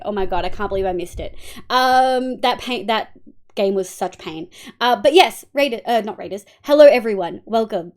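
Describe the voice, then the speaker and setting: Upbeat Australian woman streamer. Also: fairly high pitch. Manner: greets chat warmly by name, swings into loud playful outbursts. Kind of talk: casual live-stream chat.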